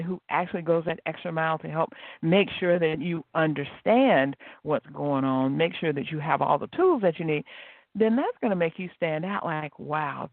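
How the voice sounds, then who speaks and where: A man's voice: fairly high pitch, no room sound. Man talking on a tinny phone line. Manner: animated storyteller, acts out quoted dialogue. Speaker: podcast host. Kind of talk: motivational solo podcast talk.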